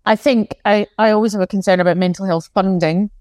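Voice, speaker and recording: A woman's voice: medium pitch, fairly even intonation, a little fast, a little mellow, no echo. A Scottish woman in her forties, a guest in a casual interview, talking candidly with self-deprecating, dry sarcastic humour. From Scotland. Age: 40s.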